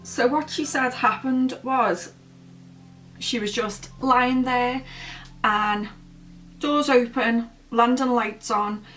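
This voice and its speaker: A woman's voice: fairly high pitch, takes it slowly, pauses often, a bit bright, recorded from a distance, soft background music, poor audio. A woman telling a story casually while doing her makeup, rambling and chatty with many fillers. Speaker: beauty vlogger. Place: at home, indoors.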